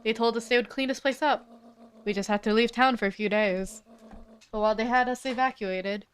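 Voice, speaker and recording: A woman's voice: a little high, fairly even intonation, fairly quick, clear, resonant tone, natural voice. A woman voicing a defiant woman pleading urgently with a crowd, sometimes stumbling over her words. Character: defiant determined woman whistleblower. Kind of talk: game dialogue read aloud.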